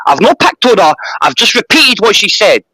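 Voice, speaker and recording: A man's voice: sits high, very animated, normal speed, sharp tone, husky, dry recording, rough recording. A man arguing angrily on a live stream, repeating himself, swearing and talking over the others. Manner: angry, repetitive, swearing, talks over others. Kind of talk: heated argument on a live stream.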